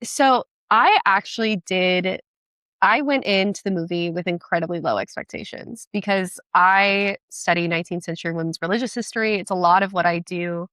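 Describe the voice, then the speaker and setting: Enthusiastic woman, low voice, dry sound. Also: a bit bright, no echo. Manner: enthusiastic, talks in quick bursts with many restarts. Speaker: guest. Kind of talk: casual podcast chat.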